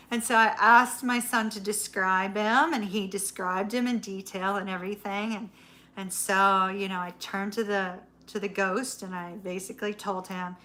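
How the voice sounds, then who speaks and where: Bright, laughing woman telling a story. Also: medium pitch, measured pace. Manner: laughs often, swears casually. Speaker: tarot reader, channel host. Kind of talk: casual storytelling chat to live viewers.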